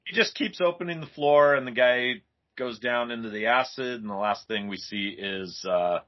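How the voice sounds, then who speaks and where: A man co-hosting a casual comic book podcast, relaxed and agreeable, often laughing. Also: mid-range voice, normal speed. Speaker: podcast co-host. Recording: dull, lo-fi podcast audio.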